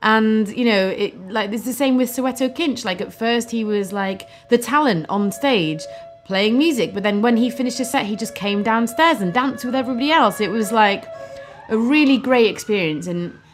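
A woman's voice: fairly high pitch, moderate pace, faint music behind. A woman co-hosting a podcast, talking in a casual, enthusiastic way with fillers and restarts. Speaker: podcast co-host. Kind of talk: casual political chat.

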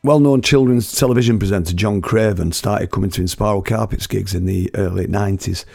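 A man's voice: lowish voice, a little fast, creaky, a little mellow, husky, soft background music. A middle-aged man from Britain telling rambling, chatty anecdotes, laughing at his own stories and using slang. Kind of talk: casual storytelling.

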